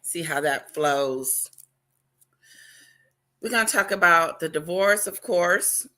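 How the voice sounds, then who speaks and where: A woman chatting loosely on her livestream, loud and excited as she greets viewers by name. She talks at an unhurried pace in a bright, forward voice that sits a little low. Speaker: livestream host. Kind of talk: casual livestream chat.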